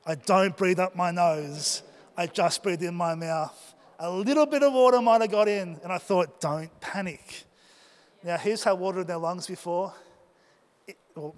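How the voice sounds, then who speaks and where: A young man preaching, telling a personal story and asking his congregation questions. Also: high voice. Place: church hall. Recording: long hall reverb.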